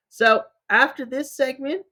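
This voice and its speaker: A podcast co-host chatting casually and enthusiastically about a wrestling show, with quick asides. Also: high voice, pushed and bright. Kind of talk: casual wrestling review chat.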